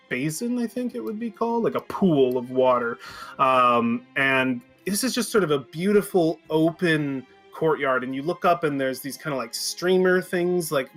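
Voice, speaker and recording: A man's voice: a little high, a bit bright. Chatty game master man. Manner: descriptive, frequent fillers and self-corrections. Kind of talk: narrating a tabletop game.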